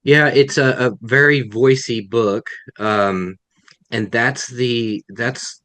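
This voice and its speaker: A man's voice: medium pitch, fairly even intonation, slow pace, a bit bright, no echo. A man, a guest author, answering questions on a video call in a thoughtful way, often restarting his sentences. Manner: thoughtful, self-correcting, many restarts. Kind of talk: webinar Q&A answers.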